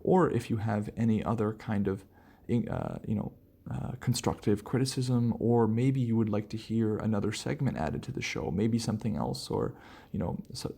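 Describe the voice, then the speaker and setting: A man hosting a relaxed solo podcast, rambling casually with lots of fillers and restarts. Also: lowish voice, normal speed, vocal fry, slightly rough. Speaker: podcast host.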